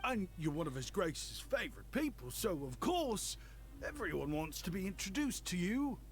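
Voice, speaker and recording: A man's voice: high-pitched, sing-song, normal speed. An actor playing a polite, deferential young male shop clerk with a London accent, in a video game. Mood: admiring. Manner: eager, deferential. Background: game music.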